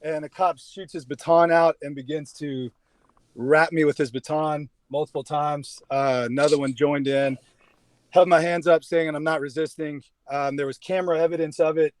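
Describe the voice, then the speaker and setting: A young man from Louisiana, a podcast guest telling a story in a measured, halting way with restarts. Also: fairly high pitch, fairly even intonation, no echo. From Shreveport, Louisiana, US. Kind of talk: casual podcast chat.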